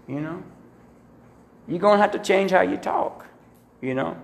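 Folksy preacher with a gravelly voice. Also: male voice, high-pitched, unhurried. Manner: folksy, animated storytelling with acted-out quotes. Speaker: pastor. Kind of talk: sermon. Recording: echoey room.

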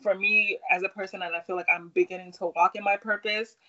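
Woman podcast host, bright voice, affirming, summarizing, dull lo-fi sound. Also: medium pitch, level tone, fast talker. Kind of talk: faith-based podcast chat.

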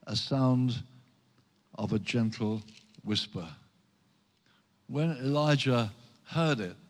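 A male pastor delivers a sermon with earnest, measured scripture reading and emphatic rises. His voice sits at an ordinary middle pitch. It carries a long reverb, as if filling a large hall. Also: a little mellow.

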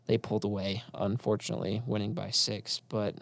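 A man's voice: lowish voice, flat delivery, fairly quick, gravelly, no room sound. A young man co-hosting a college sports talk show, recapping games in a loose, casual way with lots of fillers. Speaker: college sports podcast co-host.

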